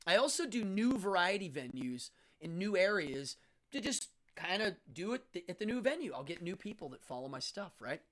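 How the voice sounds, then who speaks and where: A man's voice: sits high, very animated, normal speed, fairly bright tone. A middle-aged man who hosts a talk show and works as a stage magician, telling backstage stories in a blunt, frank way. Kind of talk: casual storytelling on a talk show.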